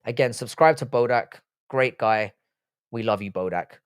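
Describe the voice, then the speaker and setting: This livestream host, a man with a medium-pitched, clean-toned voice, talks at a normal speed. He's offhand and profane, reading the chat aloud and replying as he goes. The recording is dry and studio-clean.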